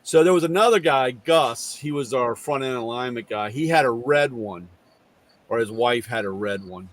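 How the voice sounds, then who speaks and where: A man's voice: mid-range voice, moderate pace. A middle-aged man hosting a casual talk, rambling through a garage story and acting out both sides of the conversation. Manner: rambling, animated retelling with quoted dialogue. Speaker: host.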